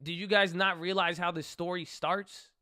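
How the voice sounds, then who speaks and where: A man with a fairly high, bright, tense voice talks through a scripture story in a loose, candid way. He rambles, restarts sentences and corrects himself as he goes. The sound is close and dry, with no room around it. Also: fairly even intonation, normal speed, dry recording. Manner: stumbles over names while reading aloud. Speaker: channel host. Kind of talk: casual reflection on a scripture reading.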